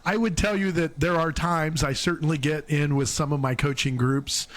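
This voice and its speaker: A man with a fairly high voice co-hosts a casual podcast. He talks in a self-deprecating way and often restarts his sentences with small stammers. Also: fairly even intonation, normal speed, a bit bright. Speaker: podcast co-host. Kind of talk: casual chat.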